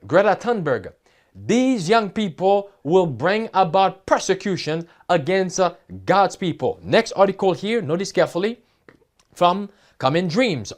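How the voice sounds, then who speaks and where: A man preaching a sermon, reading headlines and scripture quotes aloud and asking his listeners questions. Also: high voice. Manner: emphatic, asks the audience questions. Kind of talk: sermon reading news and prophecy.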